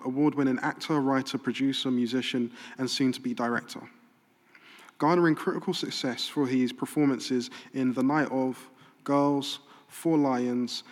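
Event host, man, mid-pitched voice, formal scripted intro, hall reverb. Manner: formal, list-like delivery.

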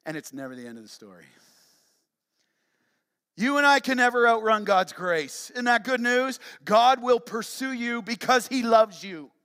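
A man preaching a sermon as pastor, fervent and emphatic, then settling into a soft, earnest prayer. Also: very high voice, expressive, normal speed, smooth.

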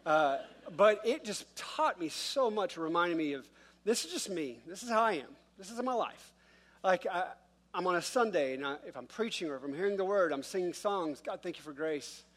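A middle-aged male pastor telling a humorous family story in a sermon, in a relaxed conversational way. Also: high-pitched, normal speed. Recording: long reverb of a large church hall.

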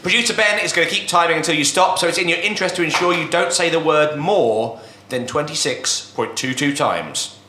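A man hosting a comic podcast game, briskly explaining silly rules and often breaking into laughter. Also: fairly high pitch, pushed and bright. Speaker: game host. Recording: roomy echo.

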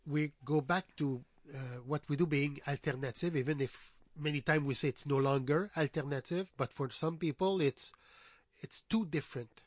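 A man with a somewhat high voice speaks as a panelist on a talk show. He presses his point and repeats it for emphasis. The sound is dry and close. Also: moderate pace, no echo.

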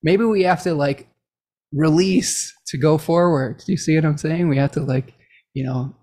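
A woman's voice: low voice, moderate pace, mellow. Chatty, rambling woman laughing between thoughts. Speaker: podcast co-host. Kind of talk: casual astrology chat.

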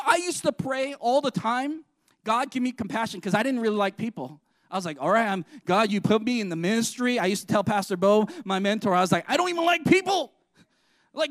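A middle-aged pastor preaches a sermon in a strikingly high voice, swinging from hushed passages to loud, emphatic ones. He jokes at his own expense along the way. The sound is close and dry, with almost no room echo. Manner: self-deprecating humor, swings between soft and loud.

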